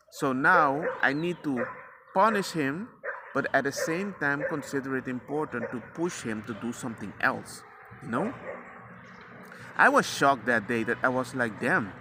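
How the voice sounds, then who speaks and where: There's a noisy background as a man with a medium-pitched, animated voice talks at a moderate pace outdoors while a dog walker goes by. He's a father rambling casually about parenting in slangy terms, frequently acting out lines from himself and his son.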